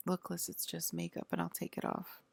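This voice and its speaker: Low raspy lady venting to camera, rambly and swearing a lot. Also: monotone, brisk, no room sound. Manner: rambling, profane and indignant. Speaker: vlogger.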